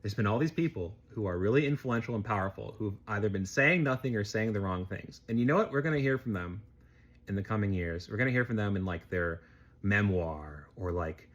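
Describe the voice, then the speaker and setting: A man vlogger telling a personal story as political commentary, in an expressive, animated way. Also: lowish voice, brisk, lo-fi sound.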